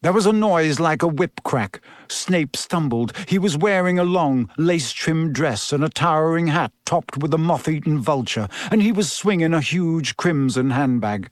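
A man narrating a story with expressive, animated delivery that rises and falls a great deal. His voice sits a little high for a man. The recording is close and dry. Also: moderate pace, few pauses, no room sound. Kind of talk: scripted narration.

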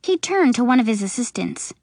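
A woman reading a children's storybook aloud, slow and expressive, putting on voices for the characters. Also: on the high side, vocal fry, no echo, clean studio sound. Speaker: audiobook narrator. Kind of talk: storybook narration.

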